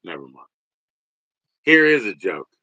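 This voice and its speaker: A man in his forties hosting a livestream, rambling and swearing, jumping from loud bursts to mutters. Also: low-pitched, sing-song, unhurried, slightly rough, no echo, highs cut off. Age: 40s. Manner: rambling, profane, swings between loud and muttered. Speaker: livestream host. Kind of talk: casual livestream rant.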